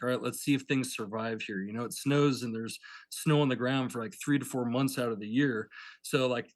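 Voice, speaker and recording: Rambling and leaning heavily on fillers, a pepper farmer guesting on a podcast acts out past conversations with quoted lines. His pitch is squarely in the middle for a man, and the close, dry recording has no echo.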